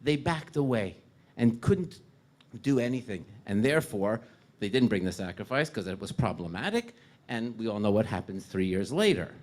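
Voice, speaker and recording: A man giving a sermon as a rabbi, telling stories and rising loud when he quotes figures. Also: lowish voice, very animated, normal speed.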